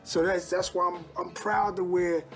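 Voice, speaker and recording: A grown man who recites verse in a steady spoken delivery, then talks bluntly and profanely in an interview. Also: high-pitched, moderate pace. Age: adult. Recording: faint music behind.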